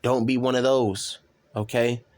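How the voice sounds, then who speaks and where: A man casually reading and commenting on scripture as a self-styled preacher, rambling and profane, with drawn-out fillers. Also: mid-range voice, flat delivery, darkish tone.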